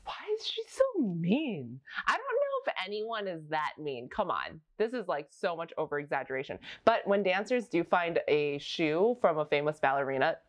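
Amused, chatty woman with a lively voice. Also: lowish voice, normal speed, hardly any pauses. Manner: chatty and amused, many fillers of "like". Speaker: pointe shoe fitter. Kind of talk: casual reaction commentary.

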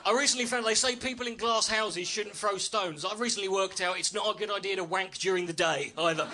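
A man's voice: high-pitched, fairly quick, pushed and bright. A man doing a stand-up routine on a club stage, brash, sweary and self-mocking. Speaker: stand-up comedian. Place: comedy club stage with audience.

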